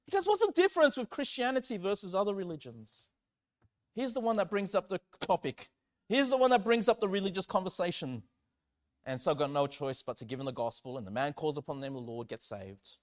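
Man, pastor, high voice, animated sermon storytelling, loud-to-hushed swings. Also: fairly quick. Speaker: church pastor.

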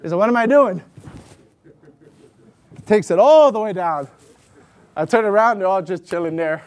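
A middle-aged man preaches to his congregation in a lively, animated way. His voice sits high, and he acts out dialogue while he tells stories. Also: fairly quick. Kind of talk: sermon with personal story.

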